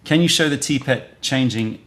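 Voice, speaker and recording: A man's voice: mid-range voice, normal speed, a bit bright. A man hosting a live tea stream, chatting casually and thinking aloud as he rambles between giveaways. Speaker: livestream host selling tea.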